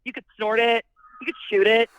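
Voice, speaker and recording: A woman's voice: a little high, level tone, brisk, clear, resonant tone, no echo, lo-fi sound. A woman with a New York accent, a podcast guest telling her recovery story in a blunt, profane, casual way with frequent restarts.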